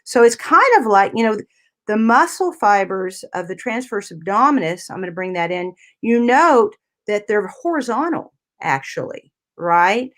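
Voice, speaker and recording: A woman's voice: medium pitch, lively intonation, normal speed. Woman explaining anatomy step by step. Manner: explains step by step while showing a 3D anatomy model, frequent "you know" and "right?". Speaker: physical therapist guest. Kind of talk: explanatory talk-radio interview.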